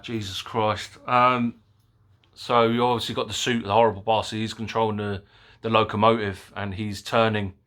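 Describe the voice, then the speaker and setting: A man giving a casual, excitable movie review, rambling with fillers and the odd swear word. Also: on the low side. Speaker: film reviewer.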